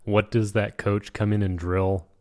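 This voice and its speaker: A man with a very deep, low voice co-hosts a casual podcast. He mostly chimes in with short remarks and quick asides. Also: flat delivery, darkish tone. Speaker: podcast co-host. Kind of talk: casual chat.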